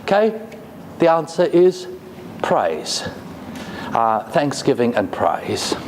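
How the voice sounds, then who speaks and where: Halting man lecturing in an echoey hall. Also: medium pitch, big pitch swings. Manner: deliberate, halting with many fillers; reads Hebrew slowly, then glosses it. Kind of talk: classroom lecture. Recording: echoey hall with faint noise.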